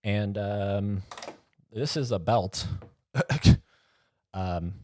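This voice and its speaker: A man's voice: on the low side, extremely slow, darkish tone, a little hiss or hum. A man hosting a solo podcast, talking in a rambling, jokey and self-mocking way into a close mic. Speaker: podcast host. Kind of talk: casual solo podcast monologue.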